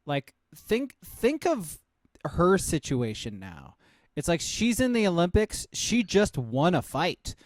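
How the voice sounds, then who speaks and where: A man's voice: high-pitched, wildly swooping pitch, slow pace, no echo. A man co-hosting a sports podcast, talking in a heated, profane way and repeating himself for emphasis. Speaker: podcast co-host. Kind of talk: casual sports podcast chat.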